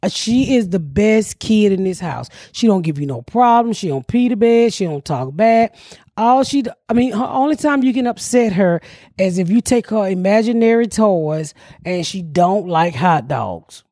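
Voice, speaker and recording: A woman, telling stories in a brash, profane, animated way. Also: medium pitch, moderate pace, no echo, clean studio sound. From United States. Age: older. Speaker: podcast host. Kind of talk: casual comedic storytelling.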